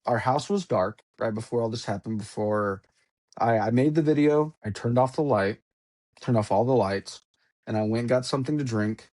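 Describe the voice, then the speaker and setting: A man's voice: medium pitch, moderate pace, darkish tone. A man on a podcast, telling a story in an intense, rambling way and swearing often. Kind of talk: casual storytelling.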